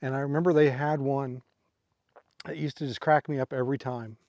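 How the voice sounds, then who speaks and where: A man's voice: mid-range voice, steady tone, fairly quick, a little mellow. A middle-aged man telling stories in a casual, rambling way with lots of fillers, speaking outdoors at a campsite. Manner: rambling, filler-heavy, laughs at his own stories. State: tired from a sleepless night. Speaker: vlogger. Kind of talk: casual vlog storytelling.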